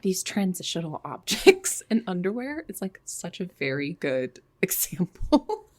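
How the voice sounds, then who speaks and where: A woman's voice: lowish voice, very animated, a little slow, darkish tone. A woman co-hosting a podcast in casual chat, laid-back and rambling with lots of fillers. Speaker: podcast co-host.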